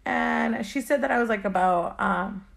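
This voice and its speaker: Young podcast co-host, high-ish voice, candid storyteller. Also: female voice, moderate pace, creaky. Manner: animated storytelling, acting out quoted lines, laughing; quieter and subdued when recounting the loss. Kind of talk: casual chat, telling a personal story.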